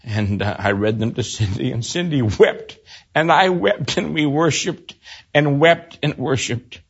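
Older male preacher, husky, dramatic loud-to-hushed delivery, muffled lo-fi recording. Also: a little slow. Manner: dramatic swings from loud exclaiming to low hushed storytelling. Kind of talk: sermon with personal story.

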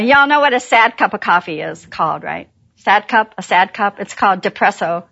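A middle-aged woman and pastor's wife, telling a church audience about her ministry in a chatty, animated way and laughing at her own jokes. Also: medium pitch, normal speed, creaky, dull audio. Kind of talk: warm personal testimony talk.

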